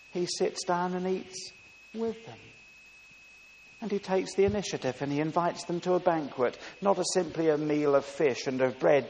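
A man preaching a sermon with emphatic delivery, dropping soft and rising loud. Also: fairly high pitch. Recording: long reverb with faint hiss.

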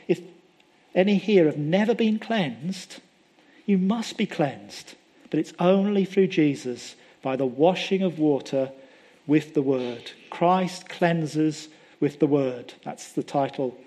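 A man's voice: high-pitched, a little mellow, husky. A middle-aged man preaching a sermon in an earnest way, asking many rhetorical questions and often restarting his sentences.

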